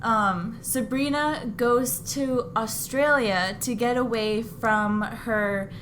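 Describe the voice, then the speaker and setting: Very slow, giggly woman podcaster. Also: fairly high pitch, fairly even intonation, fairly bright tone, a little hiss or hum. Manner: giggly, hesitant with many ums. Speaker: podcast co-host. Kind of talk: casual podcast chat.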